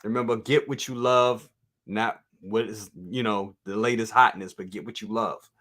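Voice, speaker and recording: A man's voice: on the low side, steady tone, normal speed, a bit bright. A man hosting a live toy review stream, chatting casually and reading viewer comments aloud. He talks straight to his viewers, repeats himself often and laughs easily. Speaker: toy review show host.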